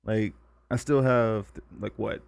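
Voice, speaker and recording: A man's voice: lowish voice, fairly even intonation, measured pace, vocal fry, darkish tone, clean tone. A young man co-hosting a podcast, telling stories in casual chat, swearing and laughing often. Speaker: podcast co-host.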